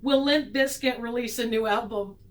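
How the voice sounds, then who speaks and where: A woman's voice: a little high, moderate pace, poor audio. A woman vlogging a tarot reading in a casual, sarcastic, self-mocking way, laughing often.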